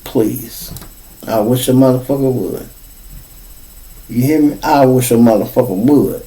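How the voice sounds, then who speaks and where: This podcast host speaks unhurriedly at a medium pitch, his Chicago accent coming through a distant mic with poor audio quality. Swearing freely and animated, he tells a loose story and performs the voices of the people he quotes.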